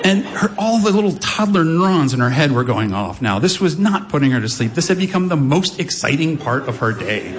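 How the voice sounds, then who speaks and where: A man's voice: medium pitch, a little fast, few pauses. A man in his forties telling a wry, self-deprecating story on stage to a live audience. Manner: wry, self-deprecating, animated delivery with playful voices.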